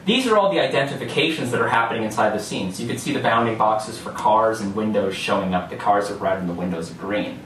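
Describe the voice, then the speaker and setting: Recorded from a distance in an echoey lecture hall with slight background noise, a young man presents to his class, explaining things step by step loosely, with fillers and restarts. He speaks fast in a fairly low, slightly bright voice, barely pausing.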